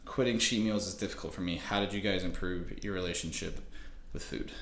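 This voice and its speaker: A man's voice: deep voice, fairly even intonation, a bit bright. Man reading aloud in an echoey room. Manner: reads haltingly, ad-libs fixes. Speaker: fitness coach, co-host. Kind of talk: reading a question aloud, casual chat.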